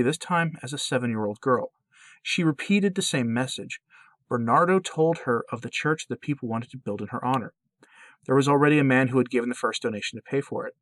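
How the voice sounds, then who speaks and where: A man narrating a religious account in an earnest, steady reading with occasional slips. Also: mid-range voice, no room sound.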